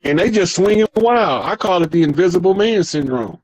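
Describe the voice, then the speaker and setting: A man's voice: sits high, expressive, brisk, darkish tone, no echo, highs cut off. A man talking in a casual, profane monologue, telling stories with heavy emphasis. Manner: profane, emphatic street storytelling. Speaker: podcast speaker.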